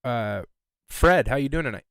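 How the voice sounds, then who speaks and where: A man hosting an amateur radio net in easygoing casual chat, chuckling often and filling pauses with ums and uhs. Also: mid-range voice, expressive, creaky, a bit bright, dry recording.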